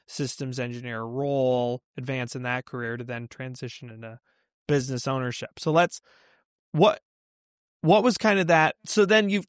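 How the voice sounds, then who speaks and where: A man's voice: a little high, no echo. Hesitant male host, dry close sound. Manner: hesitant, searching questions. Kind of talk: casual interview.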